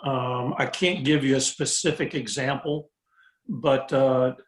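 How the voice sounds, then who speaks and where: A man who works as a sports broadcaster, a podcast guest recalling details in a relaxed, matter-of-fact way. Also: mid-range voice, a little slow. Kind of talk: casual interview chat. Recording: roomy echo.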